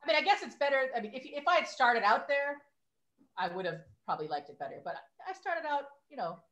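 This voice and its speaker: A woman's voice: high voice, big pitch swings, fast talker, fairly bright tone. A woman in her fifties, a podcast guest, reminiscing in a chatty way and saying "like" a lot. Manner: chatty and nostalgic, lots of "like". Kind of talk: casual chat. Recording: echoey room.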